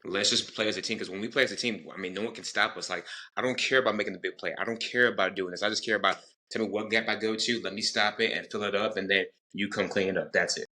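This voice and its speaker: Fast-talking young man with a deep voice. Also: fairly even intonation, pushed and bright. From Texas, United States. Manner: earnest, rambling, acts out quoted dialogue. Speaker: guest. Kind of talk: casual interview storytelling.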